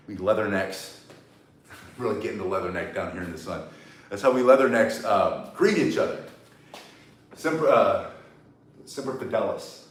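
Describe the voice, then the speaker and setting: Older man coaching outdoors, distant and echoey. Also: medium pitch. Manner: blunt, rambling, joking asides. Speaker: self-defense instructor. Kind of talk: live outdoor workout lesson. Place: outdoors in the sun. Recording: roomy echo, mic set at a distance.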